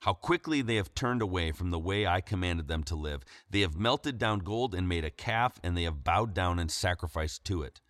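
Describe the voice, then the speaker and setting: A man reading aloud the lines of an angry male deity in a grave, measured way. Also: low voice, animated, fairly bright tone, no echo, clean studio sound. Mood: stern.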